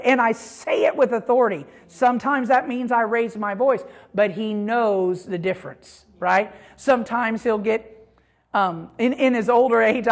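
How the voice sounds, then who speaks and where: A woman teaching a Bible lesson on prayer in a conversational way, with frequent asides and fillers. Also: fairly high pitch.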